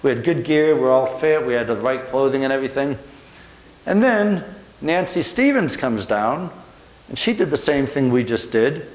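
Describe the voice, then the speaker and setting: Earnest middle-aged man telling stories in an echoey room. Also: mid-range voice. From United States. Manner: earnest storytelling, emphatic repetitions. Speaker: motivational speaker. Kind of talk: motivational speech to a room.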